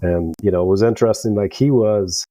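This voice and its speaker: Low, dark-voiced man telling war stories. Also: fairly quick, no echo, poor audio. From United States. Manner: rambling, profane, acts out quoted dialogue. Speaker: podcast guest, veteran. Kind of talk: casual storytelling.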